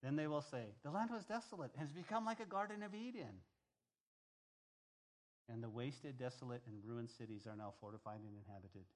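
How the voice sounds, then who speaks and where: A male pastor giving a sermon, talking to the congregation in a lively, conversational way and reading scripture softly at the close. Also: mid-range voice, brisk. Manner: animated, conversational preaching with asides to the congregation.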